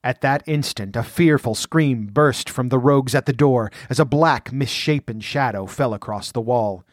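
Male audiobook narrator, even mid-pitched voice, dry close sound, steady dramatic storytelling. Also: no echo. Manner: measured, vivid storytelling.

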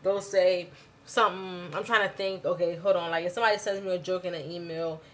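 A woman's voice: fairly low pitch, steady tone, brisk, a little hiss or hum. A woman giving tips on business emails in a chatty, conversational way. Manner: chatty and conversational, many fillers and asides. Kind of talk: casual spoken tutorial.

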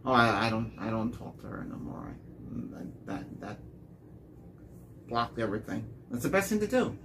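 Man, gravelly voice, rambling dating stories, repeats words, faint hiss behind. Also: mid-range voice, moderate pace. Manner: rambling, repeats words, animated when quoting. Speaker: dating vlogger. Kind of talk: casual storytelling monologue.

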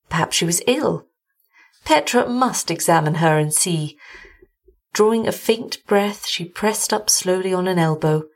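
A woman hosting a story show, reading a gothic tale aloud in a measured, deliberate narration. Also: medium pitch, husky. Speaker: host and story reader.

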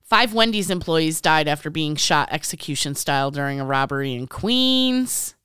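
A woman from Illinois with a very low voice reads a story on a podcast and tosses in blunt, offhand asides. Her voice is very smooth and clear. It is recorded dry and close. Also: expressive, moderate pace, sharp tone, dry recording. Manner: blunt, offhand reader who adds wisecracks. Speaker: podcast co-host. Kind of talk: casual chat, reading a story aloud.

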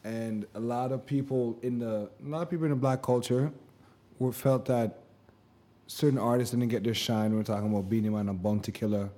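A man co-hosting a casual podcast, telling animated stories and acting out the quotes in them. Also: medium pitch, brisk. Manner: animated storyteller, acts out quotes. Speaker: podcast co-host.

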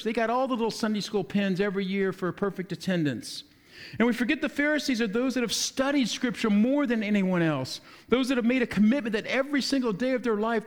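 A pastor with a high-pitched male voice gives a relaxed, conversational sermon. After reading a passage, he explains it in plain language, slipping into quick acted-out voices for the story's characters.

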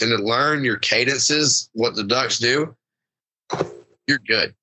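A man talks in a loose, rambling way on a hunting podcast, acting out little quotes as he goes. His voice is very bright and forceful, at an ordinary middle pitch. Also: slow, breathy edge, low-quality recording. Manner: rambling, animated, acts out quotes. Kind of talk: casual chat about duck calling.

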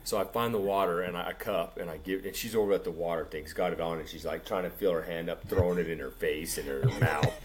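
A man co-hosting a casual podcast, telling a rambling story in an animated way and saying "dude" constantly. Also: low-pitched, quick pace, hardly any pauses, slight background noise. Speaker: podcast co-host.

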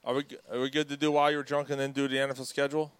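A man hosting a casual sports podcast with friends, laughing often and firing off quick asides. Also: medium pitch, little pitch movement, clear, resonant tone, no echo. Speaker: podcast host.

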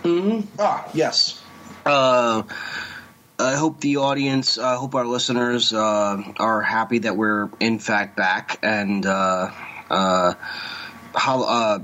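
Hesitant podcast host, lo-fi sound. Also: male voice, on the low side, slow, bright, forceful tone. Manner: hesitant, many fillers. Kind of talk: casual chat. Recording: dull lo-fi sound.

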